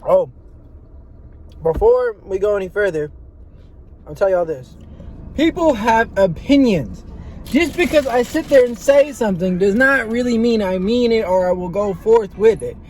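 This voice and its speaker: A man's voice: high voice, lively intonation, measured pace, a little mellow, a little hiss or hum. Rambling, profane man in a parked car. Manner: rambling, profane, talks while eating. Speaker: vlogger. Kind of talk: casual rambling monologue. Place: car parked in an empty parking lot.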